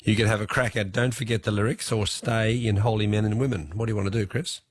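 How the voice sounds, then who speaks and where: A man hosting a radio phone-in quiz, chatty and quick to laugh. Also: on the low side, fairly even intonation, slight background noise. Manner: chatty, laughs easily, stumbles a little.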